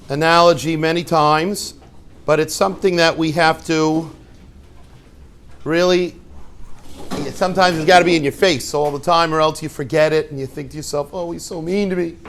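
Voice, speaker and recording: A rabbi teaching his students through a lively story, acting out the scenes and dropping in joking asides. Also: a little high, normal speed, pauses often, slight background noise. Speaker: rabbi and yeshiva head.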